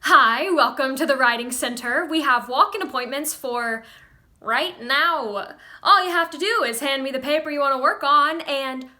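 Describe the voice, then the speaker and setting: A woman reading the part of an eager, touchy, bookish young man with a pushy, loud manner. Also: high voice, moderate pace. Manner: pushy, then loudly indignant.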